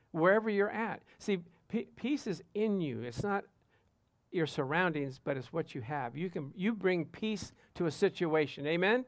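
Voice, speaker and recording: Male pastor, high voice, dry close sound, lively preaching with stories and amens. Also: dry recording. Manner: animated storytelling, asks congregation "Amen?". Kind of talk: sermon with personal stories.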